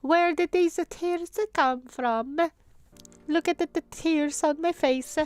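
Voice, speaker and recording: A woman voicing a small mouse-like game character in a squeaky, chirpy voice with a chattering, amazed manner. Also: takes it slowly, no echo, soft background music.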